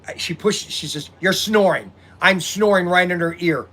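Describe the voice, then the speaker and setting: A man's voice: high voice, normal speed, slight background noise. A man who runs a hobby shop, chatting casually and rambling to his viewers on a livestream, recorded on a phone set on a tripod. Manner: rambling, animated, talks to viewers directly.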